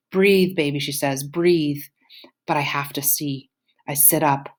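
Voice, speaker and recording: A woman reads a novel aloud in a low voice. Now and then she drops into quiet whispered asides. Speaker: audiobook reader.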